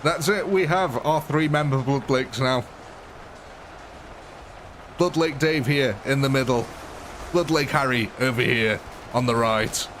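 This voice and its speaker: A young English man hosting a live game stream, excitable and chatty, laughing often and calling his viewers ladies and gentlemen. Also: medium pitch, a little slow, long pauses, a little hiss or hum. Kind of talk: casual live gaming commentary.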